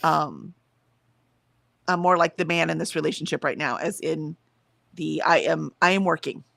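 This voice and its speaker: A woman's voice: low voice, moderate pace, creaky, fairly bright tone, no echo. A woman co-hosting a casual livestream, chatting emphatically, laughing easily, and reading out viewer comments. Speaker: livestream co-host.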